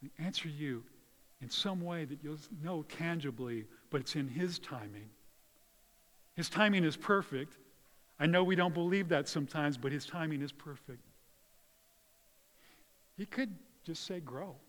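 A man's voice: fairly high pitch, lively intonation, a little slow, long pauses. Earnest male preacher in a reverberant hall. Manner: earnest, varies between hushed and loud emphasis. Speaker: pastor. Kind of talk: sermon.

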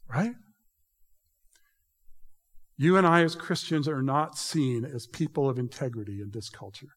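A man's voice: mid-range voice, measured pace. Man preaching in an echoing hall. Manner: emphatic, conversational preaching. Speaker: pastor. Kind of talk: sermon. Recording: reverberant hall.

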